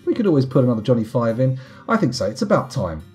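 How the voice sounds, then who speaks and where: A man's voice: mid-range voice, sing-song, fast, a little mellow, faint music behind. Wry, rambling man streaming a game. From United Kingdom. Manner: rambling, wry, self-mocking asides. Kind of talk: casual live gameplay commentary.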